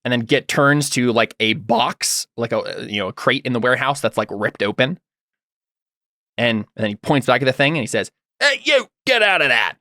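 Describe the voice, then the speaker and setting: Casting: male game master, mid-pitched, dry close mic, chatty and rambling. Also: moderate pace, fairly bright tone, no room sound. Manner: rambling, filler-heavy describing. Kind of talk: narrating a tabletop game.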